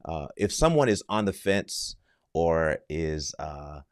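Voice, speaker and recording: Deep-voiced man hosting. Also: big pitch swings, takes it slowly, smooth, no echo, studio quality. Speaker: podcast host. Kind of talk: interview questions.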